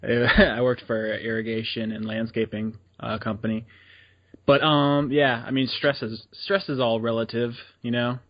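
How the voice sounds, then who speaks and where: A man's voice: mid-range voice, level tone, normal speed, lo-fi sound. A man co-hosting a podcast, laughing easily and answering with dry skepticism. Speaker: podcast co-host. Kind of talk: casual chat.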